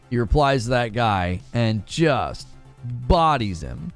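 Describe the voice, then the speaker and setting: A man's voice: medium pitch, slow pace, soft background music. A man hosting a live gaming news stream, chatting casually and reading out chat messages. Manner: casual, talks to chat, thanks donors excitedly.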